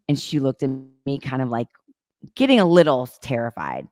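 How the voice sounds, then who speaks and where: A woman co-hosting a podcast in casual chat, telling animated stories and swearing freely. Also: very deep voice, brisk, dry recording, studio quality. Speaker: podcast co-host.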